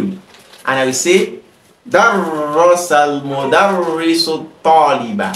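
A man teaching an Arabic grammar lesson, who reads example sentences quickly and then translates them slowly and patiently. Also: a little high, fairly bright tone, a little hiss or hum. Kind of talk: explaining an Arabic grammar exercise in English. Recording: echoey room.

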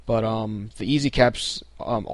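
Young guy, lowish voice, relaxed tutorial host with filler words, dry recording. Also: a little slow, dry recording. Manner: relaxed, many ums and restarts. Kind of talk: casual screen-recorded tutorial.

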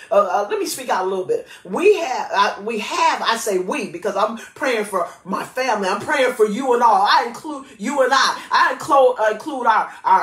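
Preaching and praying in a spacious church that makes her voice ring, a woman pastor speaks emphatically and with liveliness. She laughs frequently between words, and her pitch is middling.

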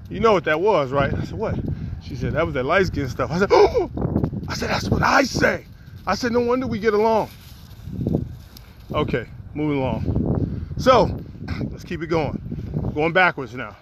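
A man telling a personal story while walking outdoors, acting out what people said. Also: a little high. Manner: animated storyteller, acts out quotes. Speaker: poet and vlogger. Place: outdoors on a windy walk. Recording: faint wind and outdoor noise.

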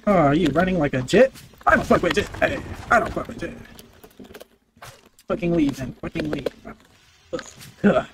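A man giving loud, excitable gameplay commentary, full of brash trash talk, swearing and repeated barked commands. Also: high-pitched, normal speed, long pauses, slight background noise. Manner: barks repeated commands and chants. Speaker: gaming video creator.

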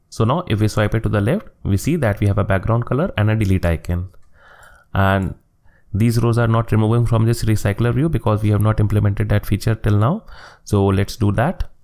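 A man's voice: lowish voice, creaky, darkish tone. A man narrating a screen-recorded coding tutorial, walking step by step through each click and line of code at his desk.

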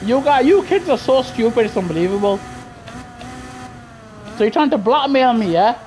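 A man's voice: very high voice, expressive, normal speed, a little mellow, a little hiss or hum. A man streaming a racing game live, chatting to viewers casually in slang and repeating himself. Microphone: gaming headset.

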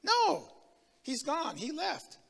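Bright-voiced man preaching in a reverberant church. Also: very high voice, slow pace, vocal fry. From Tacoma, Washington. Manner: animated storytelling, swinging from loud to hushed. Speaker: guest preacher. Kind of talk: sermon with personal testimony. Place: church sanctuary.

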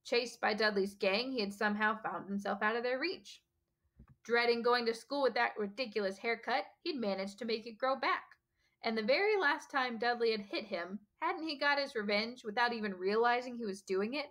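A teacher reading a novel aloud in a steady, expressive storytelling manner. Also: female voice, a little high, moderate pace.

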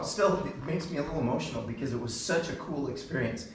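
A man's voice: mid-range voice, fast talker. Brief: middle-aged man, eager storyteller onstage, some distance from the mic, hall echo, faint room noise. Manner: enthusiastic anecdotal storyteller, many fillers. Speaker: band concert speaker. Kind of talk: storytelling from stage.

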